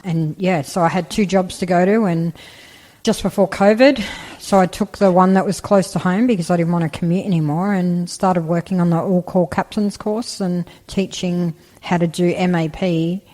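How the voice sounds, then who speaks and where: A woman's voice: lowish voice, normal speed. Chatty Australian woman in a reverberant room. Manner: chatty, animated storyteller, laughs easily. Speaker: guest, army veteran. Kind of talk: casual interview storytelling. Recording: roomy with long reverb.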